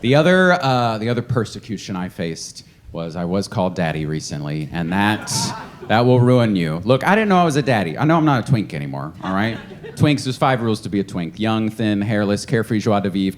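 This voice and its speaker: A man performing a stand-up comedy set on a club stage, telling stories and slipping into mocking voices. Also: a little fast. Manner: lively storytelling, jumps into high mocking voices for others. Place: comedy club stage before a laughing audience. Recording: live club recording with audience noise.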